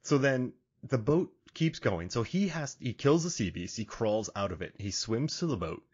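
A man hosting a comedy film podcast, retelling scenes in an animated, laughing way. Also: medium pitch, normal speed, husky. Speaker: podcast host. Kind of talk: casual comedic chat. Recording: dull lo-fi audio.

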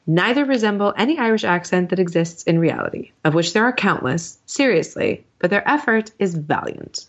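A woman's voice: on the low side, sing-song, moderate pace. A woman co-hosting a podcast, chatting casually and reading listener mail aloud, laughing often between points. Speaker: podcast co-host. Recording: dull, lo-fi mic sound.

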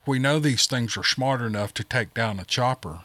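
A man voicing a calm, firm male team leader in an audiobook. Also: medium pitch, normal speed, no room sound, lightly acted.

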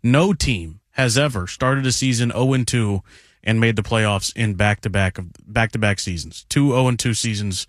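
A man co-hosting sports talk radio, laying out his case in a measured, analytical way and citing statistics. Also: on the low side, no echo, clean studio sound. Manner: measured, analytical, cites stats.

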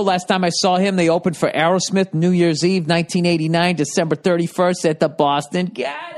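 A middle-aged man hosting a casual, profanity-heavy monologue, ranting and self-deprecating. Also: on the high side. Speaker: comedian and podcast host.

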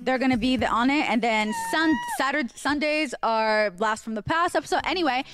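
Chatty, higher-voiced woman podcast guest. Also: fairly quick, background noise. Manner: chatty, rambling, with fillers. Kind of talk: casual storytelling.

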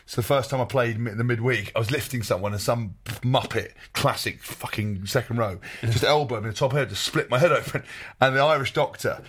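A man's voice: mid-range voice, a little fast, few pauses, fairly bright tone, a little hiss or hum. A man telling casual anecdotes with lots of swearing, quoting himself in his stories.

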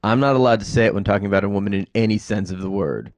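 Fast-talking American man host. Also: fairly low pitch, a little mellow, dry recording. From United States. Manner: fast, joking, opinionated. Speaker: podcast host. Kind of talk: casual interview chat.

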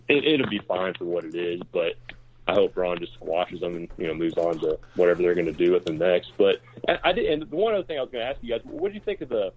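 A man's voice: low-pitched, slight background noise. A man chatting about wrestling matches with many restarts and fillers. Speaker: podcast co-host. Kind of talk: casual wrestling discussion. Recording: tinny phone-like line.

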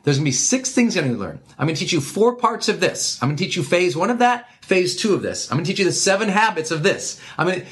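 A man interviewed as a guest, giving emphatic, animated advice and counting off his points one by one. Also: high-pitched, fast, few pauses. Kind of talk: energetic conversational advice.

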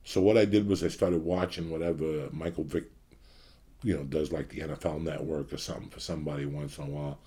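A man's voice: a bass voice, fairly even intonation, quick pace, mellow, husky. A man in his fifties from the New York area, hosting his show with a blunt, profane rant to his audience. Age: 50s. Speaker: podcast host.

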